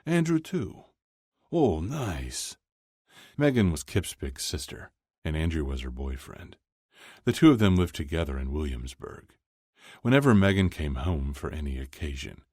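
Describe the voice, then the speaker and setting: A man narrating an audiobook in an expressive storytelling manner. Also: a bass voice, dry recording, studio quality.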